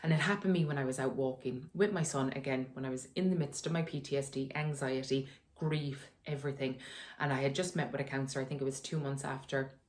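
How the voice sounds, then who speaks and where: A woman with a notably low voice shares frank, conversational advice from her sitting room at home. She talks openly and laughs easily along the way. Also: fairly even intonation, fast. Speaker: wellness vlogger. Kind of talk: candid personal advice talk.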